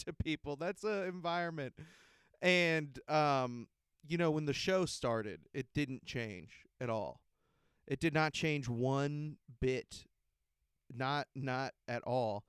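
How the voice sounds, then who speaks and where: A man's voice: on the high side, moderate pace, fairly bright tone, smooth, dry recording, clean studio sound. A man hosting a podcast, telling a comedic story in a rambling way, laughing often and swearing freely. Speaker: podcast host.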